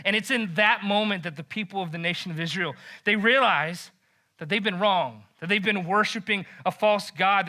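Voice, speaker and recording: A man preaching a casual sermon, retelling a story in an animated, joking way and saying "like" a lot. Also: sits high. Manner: animated and joking, heavy use of "like". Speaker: pastor.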